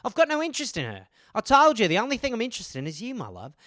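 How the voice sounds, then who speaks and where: A bickering, overwrought Australian soap-opera lover, put on by a man, rattling off jealous accusations in a high, bright voice. The delivery is exaggerated and rapid-fire, jumping up in pitch. The sound is crisp and close, with no room around it. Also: huge pitch swings, dry recording, full character voice. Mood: melodramatic.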